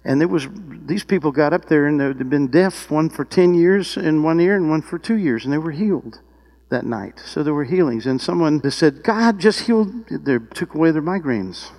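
A man preaching a sermon, telling a personal story with rising emotion and excited exclamations. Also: on the high side, normal speed, poor audio. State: tearful at times.

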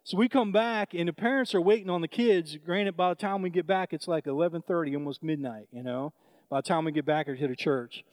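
Preacher, male, high-pitched, chatty storytelling sermon, dry close sound. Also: a little fast, a little mellow, no echo. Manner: conversational, with many fillers and restarts.

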